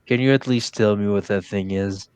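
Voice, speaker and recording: A man's voice: fairly low pitch, steady tone, moderate pace, a little mellow, smooth, no echo. A man playing a tabletop game, speaking in character in a formal, slightly stilted way. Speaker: player. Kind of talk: in-character tabletop role-play.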